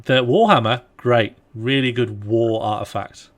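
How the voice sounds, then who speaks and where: A man livestreaming a strategy game and chatting casually with a co-host, relaxed and jokey while he thinks aloud. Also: medium pitch, measured pace. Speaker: streamer playing a strategy game. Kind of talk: casual live-stream chat.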